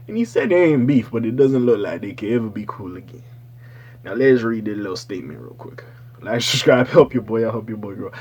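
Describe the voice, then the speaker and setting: A man hosting his own channel, giving loose, profane, rambling casual commentary with slangy asides and sudden excited bursts. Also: mid-range voice, slightly rough. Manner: swings into loud excited bursts. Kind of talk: casual pop-culture commentary.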